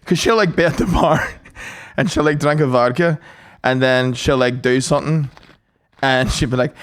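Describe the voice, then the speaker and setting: A man's voice: medium pitch, normal speed, fairly bright tone. A young man co-hosting a podcast, chatting casually and laughing often. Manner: giggly, laughs often, silly voices. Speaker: podcast co-host. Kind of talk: casual banter.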